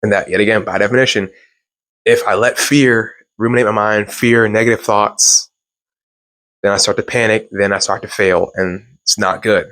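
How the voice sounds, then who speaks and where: A man's voice: on the low side, steady tone, moderate pace, a bit bright, dry recording. A young man from Louisiana hosting a self-improvement talk, telling a personal story in a rambling, casual way with restarts and laughs.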